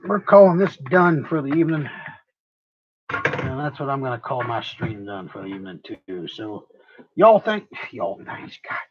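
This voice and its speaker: A man's voice: on the high side, highs cut off, noisy background. Tired, rambling, foul-mouthed male streamer. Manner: rambling, profane, self-mocking. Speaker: livestreamer. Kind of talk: casual livestream chat while crafting.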